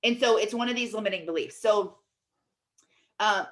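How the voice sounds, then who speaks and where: A woman in her thirties coaching in a chatty, casual teaching talk, animated storytelling full of fillers. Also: medium pitch, normal speed. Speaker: life coach.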